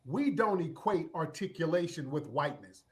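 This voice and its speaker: A man's voice: fairly high pitch, lively intonation, moderate pace. A man giving blunt, profane commentary on a live-streamed panel talk, lecturing in a casual way. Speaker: panel speaker.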